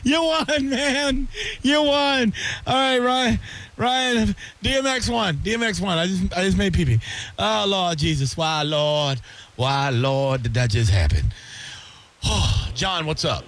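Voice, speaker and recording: A man hosting a radio game show, exclaiming loudly and laughing often. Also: sits high, lively intonation, slow pace.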